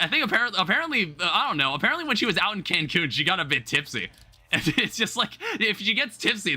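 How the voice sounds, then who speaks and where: A man's voice: fairly high pitch, bright, forceful tone, slightly rough. A young man rambling through casual live-stream chat, swearing offhandedly as he talks to viewers from home. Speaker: livestreamer.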